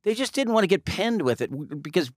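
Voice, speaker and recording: A man's voice: high voice, very animated, quick pace, no room sound, studio quality. A man telling a story in casual chat, easygoing and wry with loose fillers.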